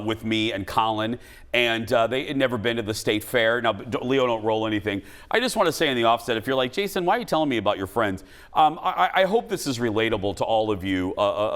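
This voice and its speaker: This is a male talk show host in his forties from Minnesota, USA, chatting casually and laughing a lot. His voice sits at a medium pitch with a fairly bright tone.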